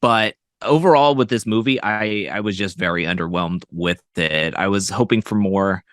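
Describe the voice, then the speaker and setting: A man's voice: lowish voice, moderate pace, fairly bright tone, no echo. A man co-hosting a podcast, giving his movie opinions casually with a lot of hesitation. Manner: hesitant, many fillers and restarts. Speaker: podcast guest co-host. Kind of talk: casual movie review chat.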